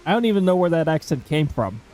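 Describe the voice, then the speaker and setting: A man's voice: a little high, sing-song, fast, a little mellow, faint music behind, poor audio. A man streaming a game, chatting casually with rambling asides.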